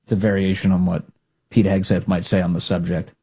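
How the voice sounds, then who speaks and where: A man's voice: brisk, slightly rough. A man hosting a talk radio show, giving opinionated commentary and mocking others with exaggerated impressions. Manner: animated, mocking, mimics people in exaggerated high voices.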